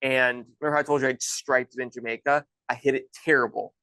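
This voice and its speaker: A man's voice: mid-range voice, fairly even intonation, quick pace, pushed and bright, no room sound, rough recording. A man in his thirties, a golf instructor and former pro, telling stories in a loose, chatty way with many restarts. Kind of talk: casual storytelling.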